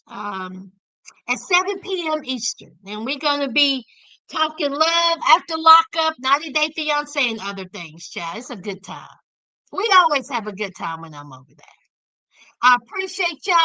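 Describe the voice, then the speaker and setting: A woman hosting a casual recap livestream, animated and chatting with her viewers by name. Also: high voice, no room sound, poor audio. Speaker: recap show host.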